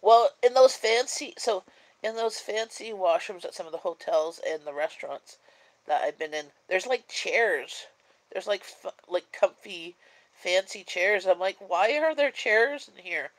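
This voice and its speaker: A woman's voice: on the low side, measured pace, rough recording. Sleepy, chatty woman. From Canada. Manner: rambling and chatty, many fillers. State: sleepy, yawning. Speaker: live-stream host. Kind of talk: casual live-stream chat.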